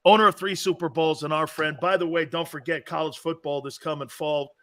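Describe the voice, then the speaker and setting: A middle-aged man hosting a sports talk show, brash and quick to laugh, swearing freely as he talks football. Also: a little high, steady tone, fairly bright tone, slight background noise.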